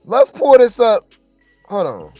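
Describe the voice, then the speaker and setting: A woman hosts casual reality-TV gossip commentary, chatty and skeptical as she talks straight to her viewers. Her pitch swings widely from line to line. The sound is dry and close, with nothing of the room in it. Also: wildly swooping pitch, slow pace, warm tone, no echo, faint music behind.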